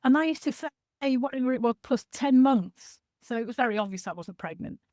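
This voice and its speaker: A woman's voice: a little high, expressive, a little fast, a little mellow, no room sound, studio quality. A woman in her sixties, talking frankly and animatedly as a sobriety coach on a video call, laughing easily. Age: 60s. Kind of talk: casual talk on a video call.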